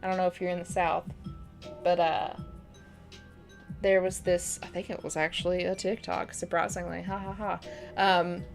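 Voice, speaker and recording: A woman's voice: on the low side, little pitch movement, moderate pace, creaky, long pauses. A young woman streamer rambling through casual stories while gaming, laughing often, with game music playing behind. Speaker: live streamer. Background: video game music.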